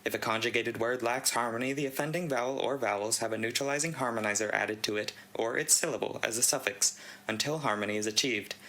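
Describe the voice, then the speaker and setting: A man hosting a channel, reading a conlang write-up aloud in a steady read-aloud delivery with dry asides. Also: medium pitch, fast talker, low-quality recording. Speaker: channel host reading a contest entry.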